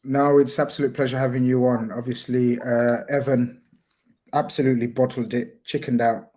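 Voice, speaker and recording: A man's voice: mid-range voice, flat delivery, normal speed, mellow. A man hosting a casual live stream, chatty and teasing, reading out a sponsor plug and welcoming his panel. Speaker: host.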